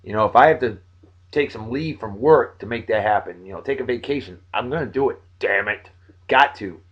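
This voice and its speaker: A man's voice: medium pitch, brisk, husky, lo-fi sound. Tired, joking man in his forties. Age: 40s. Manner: joking, friendly, swinging between loud bursts and mumbles. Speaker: video blog host. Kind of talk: casual shout-outs to friends.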